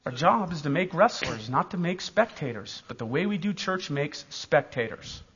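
A man in his forties preaching a sermon in an animated, emphatic, joking way. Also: on the high side, normal speed, slightly rough, big-room sound, lo-fi sound.

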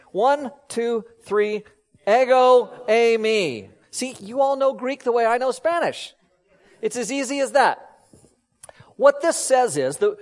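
A man preaching a sermon to a congregation, teaching with lively emphasis and dropping to hushed low tones. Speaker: pastor.

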